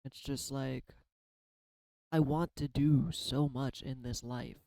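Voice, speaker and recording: A man's voice: medium pitch, steady tone, takes it slowly, gravelly, mellow, no echo, low-quality recording. A tired man in his thirties talking casually and candidly in a rambling way, now and then swearing. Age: 30s. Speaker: tarot reader and artist. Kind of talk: casual spiritual vlog.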